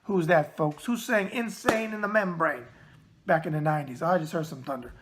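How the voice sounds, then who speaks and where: A man's voice: fairly high pitch, normal speed, noisy background. A man with a New York accent hosting a casual mailbag video show, talking in a brash, wisecracking way and repeating catchphrases. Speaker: show host.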